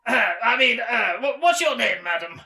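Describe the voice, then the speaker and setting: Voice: mid-range voice, animated, gravelly, bright, forceful tone, echoey room, rough recording. A tabletop game player talking politely and hesitantly in character. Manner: polite, hesitant, quick to laugh.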